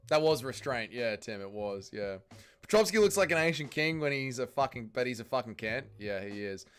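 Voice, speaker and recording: A young Australian man hosting a fight watch-along stream, reading chat and swearing as he yells at the fights. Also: medium pitch, expressive, brisk, clean tone. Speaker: livestream host.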